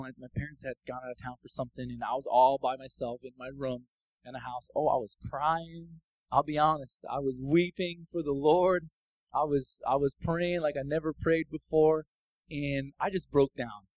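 A man giving a casual, personal sermon testimony that builds into fervent, loud preaching. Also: fairly high pitch, fairly even intonation, normal speed, dry recording, poor audio.

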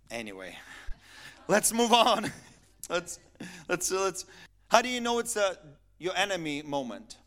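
A man preaching a sermon as pastor, animated and emphatic, repeating phrases to drive his points home. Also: a little high, normal speed.

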